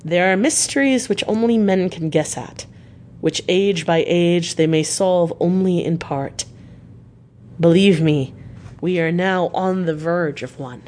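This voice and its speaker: A woman's voice: lowish voice, a little slow, darkish tone, a little hiss or hum, lightly acted. Van Helsing, a woman reading a solemn old professor. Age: older. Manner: solemn, formal, pleading. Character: grave elderly male foreign professor, stern yet tender. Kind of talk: audiobook character reading.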